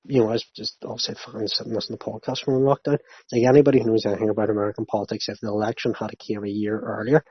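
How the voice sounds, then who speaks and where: Very fast and with few pauses, a man with a lowish, slightly rough voice keeps a level tone while hosting a podcast. He rants and swears in casual banter with a friend, captured in a dry, slightly muffled lo-fi recording.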